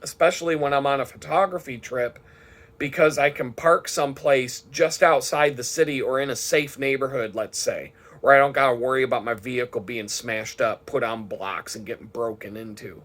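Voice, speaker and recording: A man's voice: medium pitch, moderate pace, fairly bright tone. A man talking casually in a rambling, profane vlog monologue, swearing freely as he tells his day. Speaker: vlogger.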